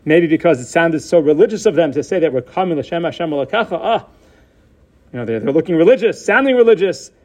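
A man with a fairly high voice teaches a Bible passage verse by verse. He is animated and slows down to lean on key words, working Hebrew terms into his explanation. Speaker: Torah teacher. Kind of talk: text-based Bible lesson.

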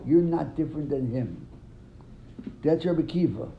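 A slightly high, animated male voice moves at a moderate pace through a Talmud lesson, quizzing students, retelling stories, and often repeating words. There is a little hiss or hum, and the lo-fi recording sounds dull with faint room ambience.

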